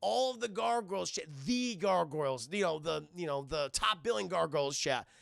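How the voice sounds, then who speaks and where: A man's voice: sits high, a little fast, vocal fry, fairly bright tone, no room sound, clean studio sound. A man recapping a cartoon episode to his live chat, rambling, swearing a lot and speaking animatedly. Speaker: cartoon reviewer and streamer.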